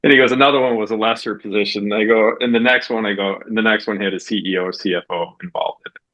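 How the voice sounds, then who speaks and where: Male host, casual interview chat, animated quoting, deep voice, dull recording. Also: quick pace. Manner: animated, acts out quotes with big jumps in pitch. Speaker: podcast host.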